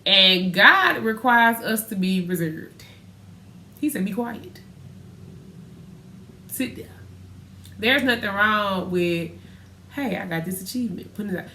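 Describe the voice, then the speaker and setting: A woman co-hosting a casual podcast, telling stories and acting out quotes in a lively way. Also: mid-range voice, measured pace, reverberant, distant mic, a little hiss or hum. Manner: animated storytelling, acts out quotes loudly. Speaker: podcast co-host. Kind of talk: casual faith podcast chat.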